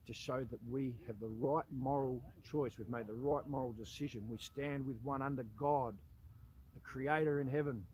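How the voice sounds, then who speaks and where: Blunt Australian veteran, impassioned direct address. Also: male voice, mid-range voice, normal speed, a little mellow, a little hiss or hum, rough recording. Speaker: army veteran. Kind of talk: impassioned monologue addressed to an official.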